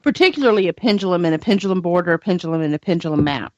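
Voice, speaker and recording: A woman with a fairly low voice co-hosts a radio chat, explaining her view in a chatty way. The recording is dry, with a dull, lo-fi sound. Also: animated, racing, no echo. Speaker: radio show co-host.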